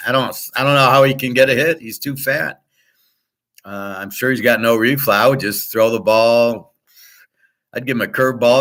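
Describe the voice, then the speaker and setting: A man's voice: medium pitch, pushed and bright. Blunt, profane man ranting. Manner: tells stories by acting out both sides. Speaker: sports handicapper and show host. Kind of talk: unscripted ranting monologue.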